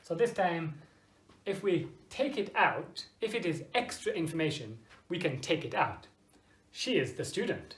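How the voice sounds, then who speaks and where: An English teacher giving an online grammar lesson to Japanese learners, speaking simple, slow English, often checking with "okay?" and exaggerating intonation to demonstrate. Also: medium pitch, very animated. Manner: frequent checking "okay?" with students; drops in short Japanese phrases. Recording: echoey room.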